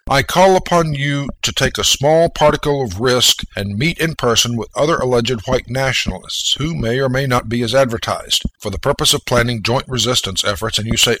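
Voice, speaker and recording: Middle-aged American male host, scripted monologue, forceful, bright and emphatic. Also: medium pitch, moderate pace, rough recording. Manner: emphatic, lecturing, commanding. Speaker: radio host.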